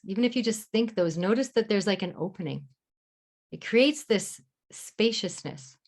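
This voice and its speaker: A woman leads a live online class in a gentle, encouraging way. She drops her voice low and slows down whenever she recites a mantra. Her pitch sits in a middle range. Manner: gentle, encouraging, speaks mantras softly and slowly. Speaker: love mentor and masterclass host. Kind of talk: live online masterclass teaching.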